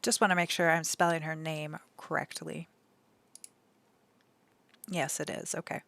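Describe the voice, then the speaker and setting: A young adult woman streaming from home, talking in a gentle, emotional way with many fillers and restarts. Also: deep voice, little pitch movement, unhurried, vocal fry. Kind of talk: casual live-stream chat.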